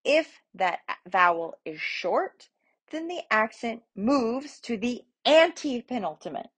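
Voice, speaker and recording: Female Latin teacher, husky voice, patient step-by-step explainer, unhurried. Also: a little high, sing-song, a bit bright. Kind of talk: relaxed spoken lesson.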